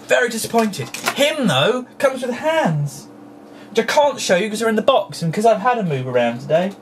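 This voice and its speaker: A toy vlogger talking casually to a camera at home, playful and childlike in grammar, breaking into excited squeals. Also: medium pitch, far from the mic, a little hiss or hum. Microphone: camera close up.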